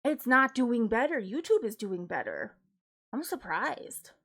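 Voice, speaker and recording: A woman's voice: a little high, big pitch swings, measured pace, a bit bright. A woman streaming from home, chatting casually with lots of "like" fillers and ready laughter. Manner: chatty, with frequent 'like' fillers; laughs readily while telling stories. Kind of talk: casual chat.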